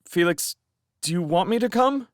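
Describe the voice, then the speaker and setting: A man voicing a male comrade who calls out loudly in a raised voice. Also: high voice, lively intonation, normal speed, no room sound, studio quality, pitched above the performer's own voice. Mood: calling. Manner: calling loudly. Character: male comrade calling out from afar.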